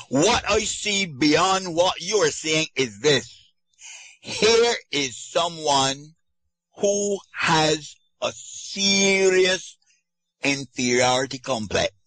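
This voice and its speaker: Male radio host, slow deliberate delivery, dry close sound, measured and lecturing. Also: a little high, a bit bright, no echo, poor audio. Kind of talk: radio call-in discussion.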